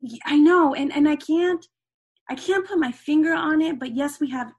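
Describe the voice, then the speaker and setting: Woman, middle-aged, interview guest, slightly high voice, chatty, loose and rambling. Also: normal speed, a little mellow. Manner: chatty, frequent "you know" asides. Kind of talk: casual interview chat.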